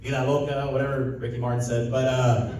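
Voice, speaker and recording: A man's voice: medium pitch, level tone, brisk, a little mellow, slight background noise. A young man from Southern California doing a stand-up set, chatting with the crowd and acting out quotes in loose, rambling stories. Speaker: stand-up comedian. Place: casino stage with a live audience. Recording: very echoey room, voice a bit distant.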